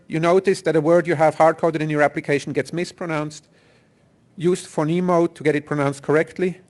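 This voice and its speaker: In a conference hall, a male presenter gives a technical talk that explains speech synthesis principles step by step. His voice has a fairly high pitch and a darkish tone.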